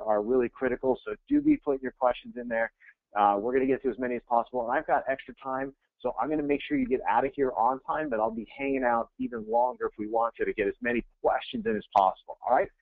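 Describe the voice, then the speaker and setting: A man, a real estate coach, giving an energetic, conversational webinar presentation and repeating phrases for emphasis. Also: mid-range voice, creaky, dry recording. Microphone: webinar audio feed. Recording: tinny phone-like line, dry.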